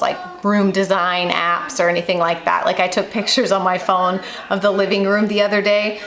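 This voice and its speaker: A woman hosting a home vlog, talking casually to camera in a chatty, rambling way with lots of fillers. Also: mid-range voice. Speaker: vlog host. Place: at home, in and out of doors. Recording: steady hiss under the voice.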